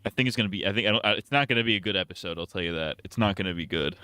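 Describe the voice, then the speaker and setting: A man's voice: low voice, very fast, bright, forceful tone, smooth, dry recording. A man streaming live, chatting casually in a profane, rambling, jokey way full of restarts.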